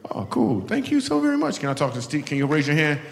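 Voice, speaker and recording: Fast, gravelly and fairly high-pitched, with huge pitch swings, this man's voice drives playful crowd work as he teases audience members on stage with a handheld mic. The live show takes place in a large venue, and the echoey hall is full of audience ambience.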